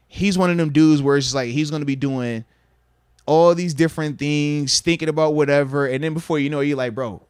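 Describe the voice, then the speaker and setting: A man in his thirties, a former football player hosting a podcast, telling stories in casual chat and acting out the quoted dialogue with big jumps in pitch and loudness. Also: smooth, no room sound, clean studio sound.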